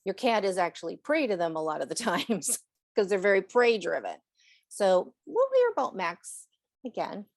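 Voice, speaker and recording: A woman's voice: medium pitch, very animated, moderate pace, dry recording. A woman on a podcast, chatting in a rambling way about animals and laughing often. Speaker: animal communicator. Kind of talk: casual chat on a podcast.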